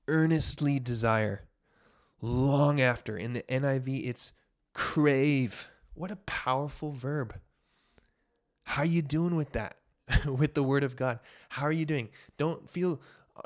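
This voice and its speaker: Earnest young man teaching a devotional. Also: medium pitch. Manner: earnest, emphatic, builds to bursts of excitement. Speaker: podcast host sharing a devotional.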